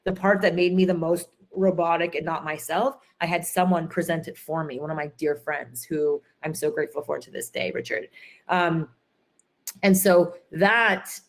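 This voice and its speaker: Woman, low pitch, conference guest, animated storyteller, lots of fillers. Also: gravelly. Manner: animated storyteller, acts out quotes, many fillers. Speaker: entrepreneur guest.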